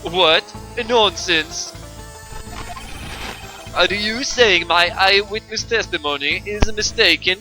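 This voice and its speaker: A man's voice: sits high, slow, pauses often, pitched above the performer's own voice. A man voicing an irritable, pompous male airline passenger in a put-on North European accent, reading game dialogue over game music. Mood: indignant. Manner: stiff, haughty, clipped declarations. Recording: game music playing underneath.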